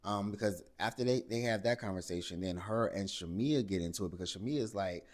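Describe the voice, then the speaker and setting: A man hosting a casual reality TV recap, animated and exasperated, with salty asides and acted-out quotes. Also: on the low side, normal speed.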